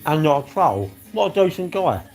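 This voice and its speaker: A man's voice: a little high, very animated, normal speed, darkish tone. A man, chatting casually on a live stream and bantering with his viewers' comments. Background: faint music.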